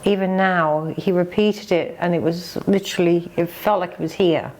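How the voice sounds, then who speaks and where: Middle-aged English woman, lowish voice, halting, emotional, choked up, candid chat. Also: darkish tone. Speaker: vlog co-host. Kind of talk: candid conversation.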